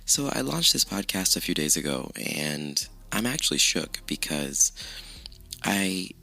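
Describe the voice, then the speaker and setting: Gravelly, very deep-voiced man, rough morning voice. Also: measured pace, sharp tone, soft background music. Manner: chatty, profane, self-mocking. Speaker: podcast host. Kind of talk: casual solo podcast chat.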